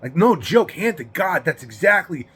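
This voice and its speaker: A man's voice: on the high side, big pitch swings, normal speed, fairly bright tone, husky. A man in his forties giving a rambling, profane confessional monologue about his past, repeating himself and laughing between lines. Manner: rambling, profane, repeats words, frequent "you know what I mean". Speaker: vlogger recounting his past.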